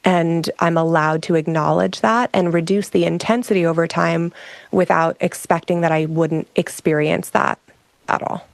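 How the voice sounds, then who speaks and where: A woman's voice: fairly low pitch, fairly even intonation, normal speed, gravelly, no room sound. A woman speaking as a guest on a conversation show, telling a personal story in a frank, reflective way with frequent restarts. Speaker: guest, emotional regulation specialist.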